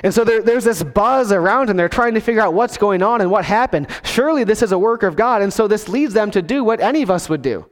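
High-voiced pastor in a reverberant hall. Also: male voice, animated, fast, few pauses. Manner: storytelling, acts out scenes with voices. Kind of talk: sermon.

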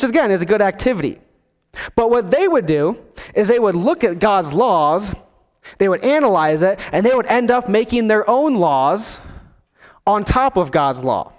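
A man's voice: high-pitched, expressive, moderate pace, big-room sound. A man preaching a sermon in a storytelling way, acting out scenes with different voices. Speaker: pastor.

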